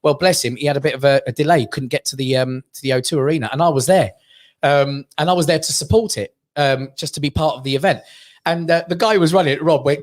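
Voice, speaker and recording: A man talks fast and brightly about his comedy career, a lively storyteller who acts out voices and often breaks into laughter. His voice sits a touch high for a man, and he is a guest in a studio chat. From Armenia. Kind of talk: chatty anecdote-telling interview. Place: London studio.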